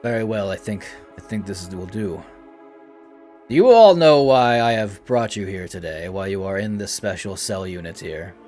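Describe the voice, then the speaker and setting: A man's voice: on the low side, lively intonation, normal speed, darkish tone, faint music behind, close to an everyday voice. A man voicing a stern male lord who interrogates prisoners in a tabletop game, with a clipped, condescending manner. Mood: commanding.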